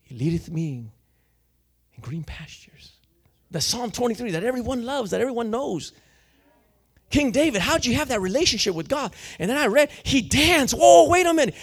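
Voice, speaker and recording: A man preaching a sermon with fervor, slangy and full of restarts, often building up to shouting. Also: extremely high pitch, expressive, brisk, husky.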